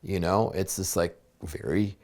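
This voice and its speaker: Low-voiced guy vlogging about feelings, gentle and rambling, lots of "you know"s. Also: fairly even intonation, unhurried. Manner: gentle, searching, many fillers and restarts. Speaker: psychotherapist and spiritual coach. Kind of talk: reflective video blog talk.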